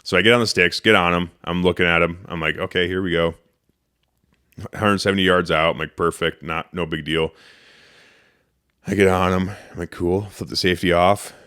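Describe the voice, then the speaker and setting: A man's voice: sits low, moderate pace, smooth. A man hosting a podcast, telling a story casually and animatedly, swearing and acting out what he said. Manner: animated, profane, acts out his own quotes. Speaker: podcast host.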